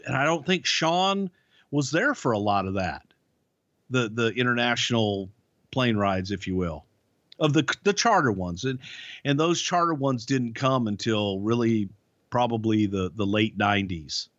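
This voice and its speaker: A man's voice: medium pitch, measured pace, a bit bright, dry recording. A man co-hosting a podcast, telling rambling, profane stories about life on the road, full of restarts. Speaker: podcast co-host, former wrestling writer. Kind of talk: casual storytelling. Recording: dull, lo-fi podcast audio.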